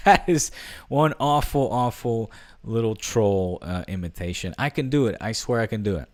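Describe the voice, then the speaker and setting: A man's voice: on the low side, no room sound. A man hosting a podcast, wrapping up in a playful, rambling, upbeat way. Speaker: podcast host. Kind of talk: casual podcast sign-off.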